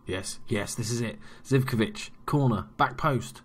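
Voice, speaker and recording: A man casually commentating his football management game, muttering to himself and bursting into loud cheers. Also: medium pitch, measured pace, breathy edge. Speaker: let's play gamer.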